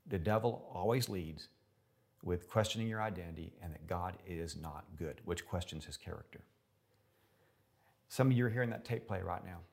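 Low-voiced man preaching emphatically. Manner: emphatic, repeats words for effect. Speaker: pastor. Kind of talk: sermon.

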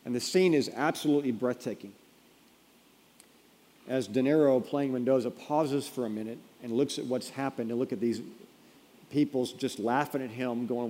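A man preaching a sermon in a mellow, dark voice, building to loud emphatic peaks before falling to a hush. His voice rings out through a large hall with a long reverb tail. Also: mid-range voice, normal speed. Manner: storytelling, building to emphatic peaks then dropping quiet. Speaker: pastor.

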